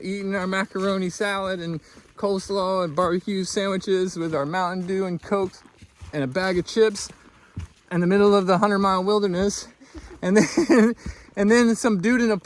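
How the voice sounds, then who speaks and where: A man vlogs outdoors on a long wilderness thru-hike, telling a story to camera casually. He's excitable and laughs often, acting out both sides, with a voice that sits high and a measured pace.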